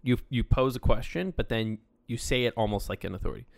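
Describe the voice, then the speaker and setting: A man co-hosting a casual podcast, explaining sales and negotiation ideas with lively inflection. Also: mid-range voice, quick pace, creaky, no echo. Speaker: podcast co-host.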